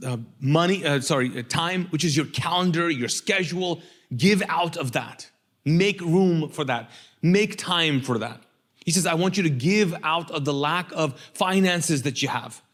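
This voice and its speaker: Middle-aged male preacher, high pitch, energetic and rhetorical, pulls answers from the room. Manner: lively, rhetorical, drawing call-and-response from the congregation. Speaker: pastor. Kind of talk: sermon.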